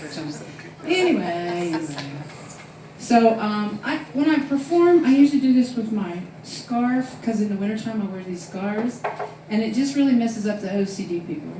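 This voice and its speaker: A woman's voice: fairly high pitch, normal speed, far from the mic, noisy background. A woman in her sixties with a drawl works a comedy club stage, acting out the quotes in her stories. The sound is very echoey, and she seems a bit away from the mic. A faint room murmur hangs behind her. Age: 60s. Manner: animated storytelling with loud acted-out quotes. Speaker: stand-up comedian. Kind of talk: stand-up comedy set.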